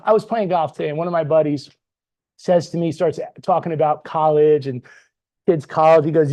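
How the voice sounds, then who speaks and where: A man's voice: on the high side, brisk, warm tone. A middle-aged man giving a motivational sales training talk, punchy and full of rhetorical questions, tagging his points with "right?". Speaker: business trainer.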